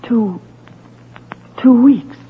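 A woman playing a young wife in a radio drama, emotional, sharp and theatrical. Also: a little high, drawn-out words, breathy edge, full character voice. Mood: anxious. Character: young wife, proud and desperate. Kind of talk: 1940s radio acting. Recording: tinny old radio broadcast with faint hiss.

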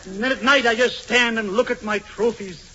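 Bright, high-voiced radio comedian. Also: male voice, moderate pace, breathy edge. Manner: playful, mock-suave. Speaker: comedian host. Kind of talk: 1940s radio comedy acting. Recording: lo-fi old radio recording.

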